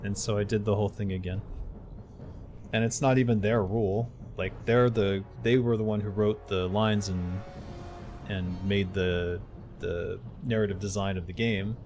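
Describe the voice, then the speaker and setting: A man's voice: lowish voice, fairly even intonation, normal speed, darkish tone, faint music behind. A middle-aged man streaming a game live, muttering to himself as he plays and then chatting openly with his viewers. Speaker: game streamer and voice-over narrator. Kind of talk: casual live gaming stream chat.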